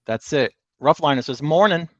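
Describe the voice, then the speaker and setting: A man hosts a casual livestream, chatting and joking as he reads out viewer comments. His voice sits at a mid pitch. The sound is dry and a little dull, like a modest lo-fi mic. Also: animated, fairly quick, a bit bright, dry recording. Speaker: livestream co-host.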